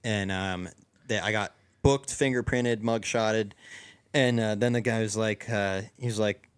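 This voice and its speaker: A man's voice: lowish voice, normal speed, clear, resonant tone. A young man casually telling a long story among friends, rambling with lots of restarts and fillers. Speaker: podcast co-host.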